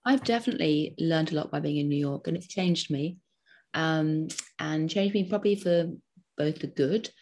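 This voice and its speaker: A woman in her fifties speaks in a low, slightly husky voice. She talks as an interview guest, stringing short phrases together with frequent ums and an animated push. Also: moderate pace. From Britain. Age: 50s. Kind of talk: conversational interview.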